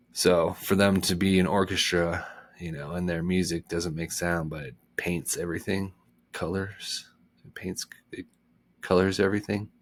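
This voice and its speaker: A man who hosts a reading channel, chatting casually after a chapter in a rambling, joking, self-mocking way. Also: low-pitched. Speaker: book reader and channel host. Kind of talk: casual chat after a read-aloud chapter.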